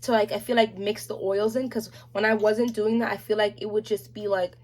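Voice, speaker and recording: Woman, beauty vlogger, casual chat, animated, slangy, mid pitch. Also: brisk. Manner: chatty, animated, slangy asides. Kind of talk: casual product review chat.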